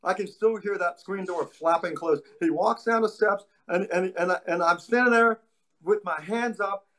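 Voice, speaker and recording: A man being interviewed, a martial arts instructor telling stories in an animated way with a casual manner. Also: high voice, normal speed. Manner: animated storyteller, acts out voices in anecdotes.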